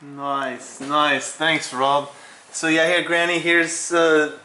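A man's voice: on the high side, little pitch movement, takes it slowly, bright, forceful tone. A man from Texas hosting a casual travel vlog, encouraging his friends to talk to the camera. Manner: encouraging, asks others to speak. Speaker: vlogger.

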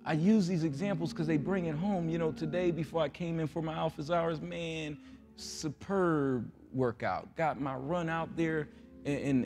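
A man preaching a folksy, joking sermon as pastor, acting out voices and rising into loud prayer. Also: on the high side. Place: large church sanctuary.

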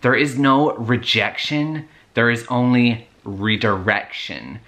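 A man voicing a drunk, rambling ex-boyfriend in a put-on American accent, speaking slowly and trying to sound deep. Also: pushed and bright. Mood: drunk pompous. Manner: slow, rambling pseudo-deep talk.

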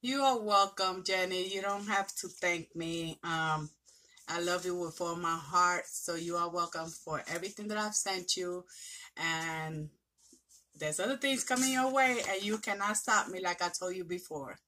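A woman's voice: lowish voice, measured pace, a little hiss or hum. A woman vlogger gushing and exclaiming as she unboxes a craft parcel from a friend. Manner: gushing, excitable, talks to friend directly. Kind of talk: casual unboxing chat.

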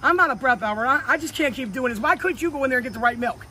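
A very high, bright, sassy voice for a cranky, breathless mom in a wheelchair. She fires off scolding lines quickly, in an improvised phone-shot comedy sketch. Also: expressive, slight background noise, exaggerated voice. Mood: exasperated. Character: cranky middle-aged mom, wheelchair user with prosthetic leg. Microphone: phone camera held by son.

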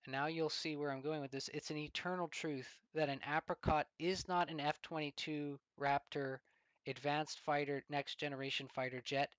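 A man giving a storytelling commentary, deliberate and fond of rhetorical questions. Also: on the high side, level tone, fairly bright tone, clear, resonant tone, no room sound, low-quality recording.

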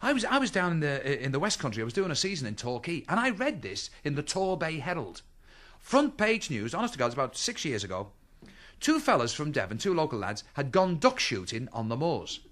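Lively male comedian telling stories. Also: a little high, fairly quick. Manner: chatty anecdotes, acts out voices, lively. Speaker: stand-up comedian. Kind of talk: stand-up storytelling. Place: stage with live audience laughter.

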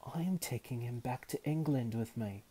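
A man reading aloud and voicing an imperious, scheming woman wizard who speaks with haughty calm. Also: mid-range voice, moderate pace, slightly rough, lightly acted. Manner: haughty and calmly menacing.

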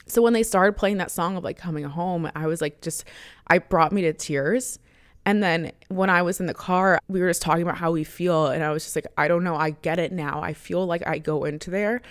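A woman's voice: fairly low pitch, a little fast, no echo, clean studio sound. A young woman in her twenties hosting a podcast, talking in a casual, chatty way, full of "like" and restarts, and sometimes getting emotional. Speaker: podcast host. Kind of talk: casual personal monologue.

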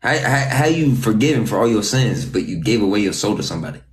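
A man's voice: on the low side, expressive, quick pace. A man hosting a casual livestream, slangy and teasing as he chats with his guest. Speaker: livestream host. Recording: echoey room with faint noise.

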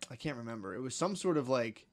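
Rambling, cursing young podcast host. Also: male voice, mid-range voice, very animated, fast talker, no room sound. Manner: rambling storyteller, swears a lot, acts out voices in a story. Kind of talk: casual chat.

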